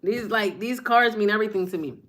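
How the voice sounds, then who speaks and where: A woman's voice: mid-range voice, fairly quick, a bit bright, slight background noise. A woman giving a passionate, fired-up spiritual card reading on her phone from her table at home, repeating lines for emphasis. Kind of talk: live-streamed motivational reading.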